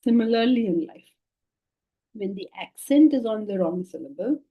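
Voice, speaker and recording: A middle-aged woman teaching a scripture class to listeners, questioning and emphatic, shifting between soft asides and lively stresses. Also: medium pitch, normal speed, narrow, tinny audio. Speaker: Vedanta teacher.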